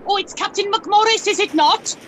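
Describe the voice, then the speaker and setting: An actress playing a fussy, scolding army captain. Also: female voice, very high voice, moderate pace, a bit bright, slight background noise. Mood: scornful. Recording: battle sound effects behind.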